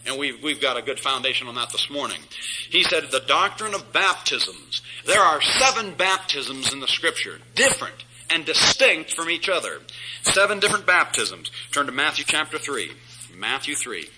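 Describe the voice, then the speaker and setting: A man's voice: a little high, big pitch swings, normal speed, noisy background. A middle-aged man preaching an emphatic Bible study sermon as pastor, chuckling at his own jabs.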